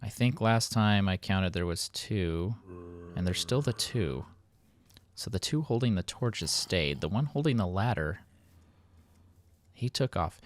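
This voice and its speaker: A man hosting a casual gameplay commentary, rambling and poking fun at himself. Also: sits low. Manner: rambling, self-mocking, playful. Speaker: let's play host.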